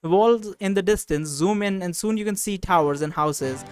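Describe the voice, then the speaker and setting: A man reads a fantasy text adventure aloud, stopping to comment in a casual, hesitant way with frequent restarts. His voice sits slightly high, and faint background music plays under him. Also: moderate pace, clean tone, no room sound. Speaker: let's play host.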